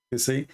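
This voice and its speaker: A man hosting a live call-in stream, earnestly explaining religious ideas with pauses and fillers. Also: mid-range voice, warm tone, slightly rough.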